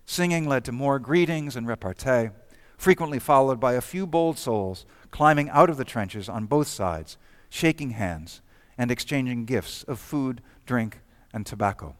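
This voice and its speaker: A man giving measured, scripted narration of a historical documentary. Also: mid-range voice, lively intonation, dry recording. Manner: measured, storytelling delivery.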